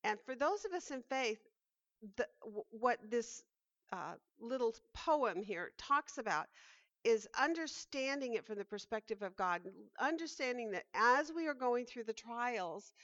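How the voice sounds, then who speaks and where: Earnest woman leading a Bible study; fairly high voice, dry, muffled recording. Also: lively intonation, measured pace, a bit bright, no room sound. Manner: earnest, thoughtful, with restarts. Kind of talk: Bible study lesson, reading aloud and reflecting.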